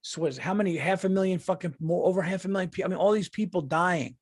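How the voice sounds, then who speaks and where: A man's voice: high-pitched, fast talker, no echo, clean studio sound. A man, a comedian hosting his podcast in a heated, profane ranting monologue. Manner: profane, heated, mocks people in quoted voices.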